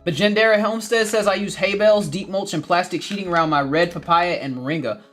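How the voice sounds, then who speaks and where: A man's voice: high voice, fairly quick, a bit bright, soft background music. A man hosting a gardening livestream, reading viewer comments in a casual chat, laughing often and repeating his phrases.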